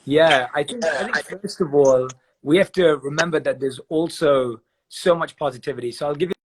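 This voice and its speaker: A man on a live video call giving measured advice, walking through examples step by step and repeating phrases for emphasis. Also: on the high side, breathy edge. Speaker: guest speaker on meditation. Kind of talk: calm explanatory advice on a live video chat.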